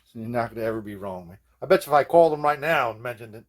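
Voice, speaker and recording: A man's voice: mid-range voice, lively intonation, rapid-fire. A man hosting a guitar repair video, chatting casually in a rambling, profane way, full of fillers and laughing at his own jokes. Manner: rambling, loose and profane, peppered with "man" and "you know what I mean". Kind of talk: casual hands-on workshop chat.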